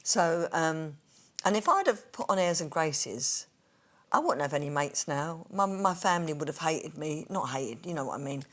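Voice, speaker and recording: A woman in her sixties from East London with a softened Cockney accent, chatting as an interview guest and acting out quoted voices. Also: deep voice, lively intonation, normal speed. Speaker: interview guest, singer and TV presenter. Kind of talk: casual interview storytelling.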